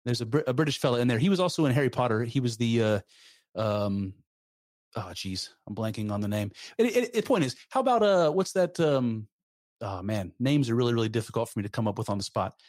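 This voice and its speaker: Man, mid pitch, dry close sound, halting and filler-heavy. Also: animated, darkish tone, no echo. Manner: hesitant, searches for words, many fillers. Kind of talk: casual conversation.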